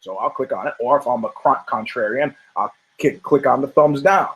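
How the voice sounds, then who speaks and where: On a podcast with poor audio, a male host riffs on fight results in casual, comedic combat-sports talk. He rambles, curses, and makes self-mocking jokes in a medium-pitched, somewhat bright voice at normal speed.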